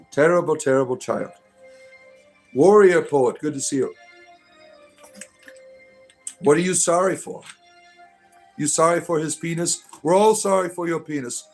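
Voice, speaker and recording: A middle-aged man hosting a casual livestream, reading chat aloud and answering with sarcastic, mock-preachy remarks and frequent filler words. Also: a little high.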